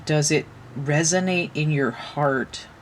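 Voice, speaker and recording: A woman's voice: deep voice, slow pace, a little hiss or hum. Frank, casual woman tarot reader. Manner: frank and swearing, full of rhetorical questions.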